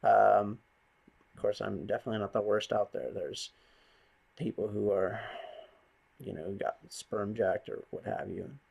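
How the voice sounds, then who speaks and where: A man's voice: on the low side, flat delivery, measured pace, creaky, long pauses, darkish tone, slightly rough. A man vlogging a bitter, rambling, profane rant to the camera. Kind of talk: ranting monologue to camera.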